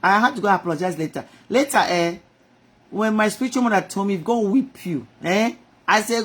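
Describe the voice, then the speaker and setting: A middle-aged woman speaks to her live-stream viewers with passion, swinging from soft, low asides to loud cries. She talks in rhetorical questions, turning to God and back to her audience. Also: a little fast. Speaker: inspirational speaker. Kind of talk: live-stream inspirational talk.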